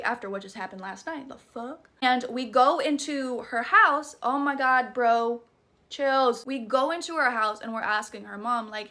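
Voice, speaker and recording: A woman's voice: high voice, measured pace, pushed and bright. A young woman with a Southern US accent tells a horror story in a casual, dramatic and profane way. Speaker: storytime creator.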